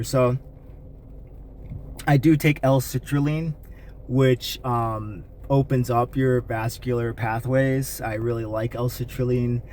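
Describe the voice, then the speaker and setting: Man rambling candidly in a vlog. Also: medium pitch. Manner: rambling, candid, frequent fillers and restarts. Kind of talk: casual personal vlog. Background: faint rain.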